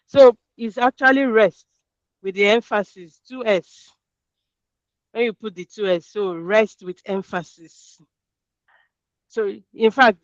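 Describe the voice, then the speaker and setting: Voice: medium pitch, dry recording. Workshop presenter going "yeah, yes" at everyone's answers, dry dull call audio. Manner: reads out audience answers and affirms them with quick "yeah"s; conversational, repeats key words for emphasis. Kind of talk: interactive workshop talk.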